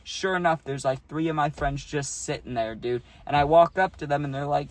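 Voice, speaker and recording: A man's voice: fairly high pitch, normal speed, few pauses. A man casually telling a story for his vlog, laid-back and slangy, saying "dude" a lot, recorded outdoors on a phone. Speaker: YouTube storyteller. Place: outdoors on a hot day.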